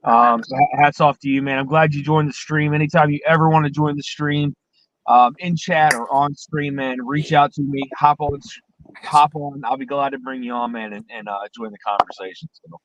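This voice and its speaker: A man hosting a casual livestream chat from his car, relaxed and friendly with his guests. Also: medium pitch, normal speed, muffled recording, slight background noise. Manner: laid-back, says "man" and "buddy" a lot. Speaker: livestream host. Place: parked car.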